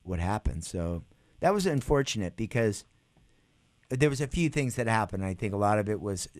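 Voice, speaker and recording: A middle-aged man, a guest musician, animatedly telling stories in an interview and acting out quotes in a higher voice. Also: big pitch swings, normal speed, a little mellow, no room sound. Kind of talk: interview storytelling. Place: radio studio.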